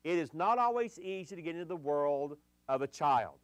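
A male pastor preaching a sermon, speaking deliberately and repeating his key phrases. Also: fairly high pitch, expressive, smooth, no room sound.

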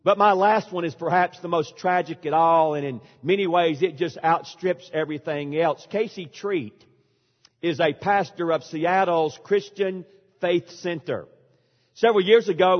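Man, pastor, emphatic sermon, dramatic pauses, long church reverb, muffled recording. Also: high-pitched.

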